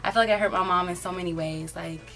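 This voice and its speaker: A woman's voice: lowish voice, steady tone, fast, fairly bright tone, faint music behind. An eighteen-year-old woman telling a story in a casual, rambling way, filling it with "like" and "um". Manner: rambling, filler-heavy, often says "like". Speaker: vlogger.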